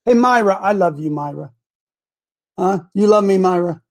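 A middle-aged man hosting a casual morning show, rambling and repeating himself, with sudden loud outbursts. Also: high voice, expressive, moderate pace. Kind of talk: casual live-stream talk.

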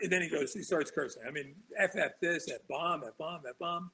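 A man talks as a guest on a talk show, spinning long anecdotes that wander, restart and break into chuckles. His voice is gravelly and husky, pitched a bit high for a man. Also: fairly quick, a bit bright, low-quality recording. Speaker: author guest. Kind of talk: casual storytelling interview.

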